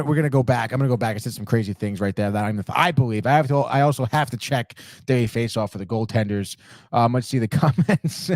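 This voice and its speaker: A man's voice: medium pitch, no room sound, studio quality. A man hosting a live sports podcast alone, trash-talking teams, swearing and calling everyone "dude" as he reads chat comments. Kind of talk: live sports betting talk.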